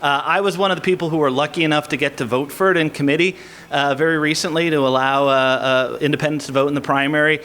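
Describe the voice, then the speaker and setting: Bright, halting state representative man. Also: on the high side, steady tone, a little hiss or hum. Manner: halting, full of fillers. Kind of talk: rally speech.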